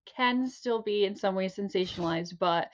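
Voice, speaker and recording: A woman's voice: mid-range voice, moderate pace. A woman co-hosting a podcast as a clinician, talking in a hesitant, reflective way. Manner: hesitant, reflective, many fillers. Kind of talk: casual chat. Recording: dull lo-fi mic.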